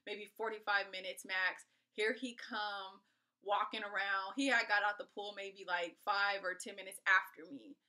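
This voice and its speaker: A woman from California telling a personal story to her viewers in a chatty, animated way. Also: medium pitch, moderate pace. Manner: animated, acts out what people said; chatty, addresses viewers directly. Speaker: storytime vlogger. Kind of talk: casual storytelling.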